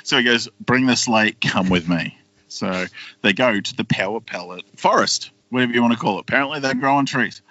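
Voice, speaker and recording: A man's voice: medium pitch, sharp tone, no room sound, lo-fi sound. A man, casually retelling a cartoon plot on a podcast and slipping into silly character voices. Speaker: podcast co-host.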